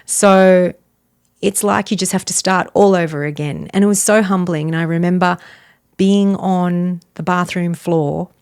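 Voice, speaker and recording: A middle-aged woman, a wellness author and podcast guest, telling a personal story in an earnest, animated way. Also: fairly low pitch, unhurried, clear, resonant tone. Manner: earnest, animated, laughs between phrases.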